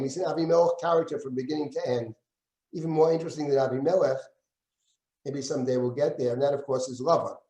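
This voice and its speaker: A man teaching a Bible class as a rabbi, reading verses aloud, translating them and acting out the speakers. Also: warm tone. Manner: reads Hebrew verses aloud, then translates and comments; acts out quoted speakers with shifts in pitch. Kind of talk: lecture with close text reading. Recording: echoey room.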